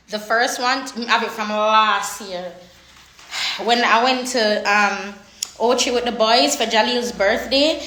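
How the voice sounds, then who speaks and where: A woman's voice: fairly high pitch, sharp tone, roomy sound, slight background noise. A woman with a Jamaican accent chatting casually on a livestream, sassy and talkative, calling her viewers honey and baby. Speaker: makeup artist and livestream host. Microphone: phone on a makeshift tripod.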